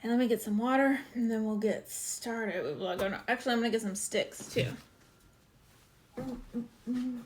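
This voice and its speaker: A woman's voice: a little high, moderate pace, pauses often. Chatty woman hosting a live stream. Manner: chatty, greets viewers by name. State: out of breath. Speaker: waxing show host. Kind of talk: casual live-stream chat.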